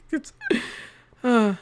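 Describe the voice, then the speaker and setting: A man casually commentating on his stream, rambling with frequent laughter and swearing. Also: very slow. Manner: laughs often, swears freely, rambling asides.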